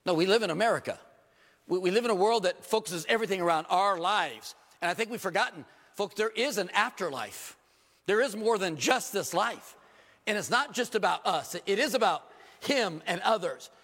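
A male pastor, preaching an animated sermon full of rhetorical questions and self-deprecating humor. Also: sits high, normal speed. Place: church sanctuary. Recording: long reverb of a church hall.

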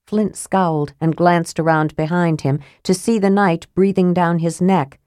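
A woman narrating a fantasy novel in a steady, even reading voice. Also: fairly low pitch, a little slow, hardly any pauses, smooth, dry recording, studio quality. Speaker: audiobook narrator.

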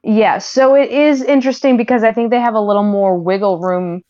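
A giggly woman chatting casually on a podcast panel, her voice fairly high. The sound is a little dull and muffled, and she fills her talk with ums and laughs. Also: fairly even intonation, a little fast, dark tone. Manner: giggly, lots of fillers and laughs. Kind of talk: casual chat.

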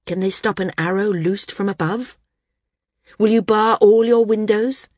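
A woman voicing a calmly menacing woman flyer. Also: mid-range voice, measured pace, no echo, clean studio sound, voice pushed up, lightly acted. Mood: cold warning. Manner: calm, menacing, warning. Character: defiant young woman flyer issuing threats.

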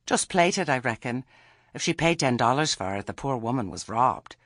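A blunt, homely old witch with a dry sense of humor, voiced by a male narrator. Her voice sits a little above his usual one, husky, and lively in its rises and falls. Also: extremely low pitch, moderate pace, dry recording, voice pushed up, exaggerated voice. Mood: brisk. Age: older. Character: shrewd, earthy old village witch woman.

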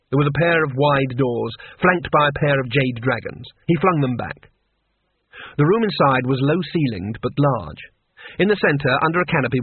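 A man narrating an audiobook in a dry, measured storytelling manner. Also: mid-range voice, breathy edge, dry recording. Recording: tinny phone-like dry sound.

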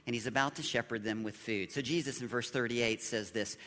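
A man preaching a sermon as a pastor, animated and joking as he acts out the people in the story he tells. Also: medium pitch, fairly quick, long reverb tail.

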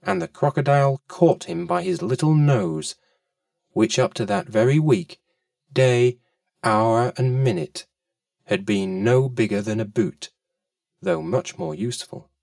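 A man reading a children's story aloud with fond, expressive storytelling, his voice a bit off-mic. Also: mid-range voice, a little slow, gravelly, no echo, clean studio sound, far from the mic.

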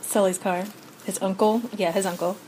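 A woman co-hosting a casual podcast, rambling and halting as she talks about a TV show, laughing often. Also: medium pitch, fairly even intonation, background noise. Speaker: podcast co-host. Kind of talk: casual chat recap of a TV show.

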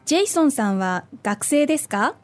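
Japanese woman modeling phrases, higher voice. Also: very animated, dry recording. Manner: models Japanese lines slowly and clearly. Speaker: co-host, native speaker.

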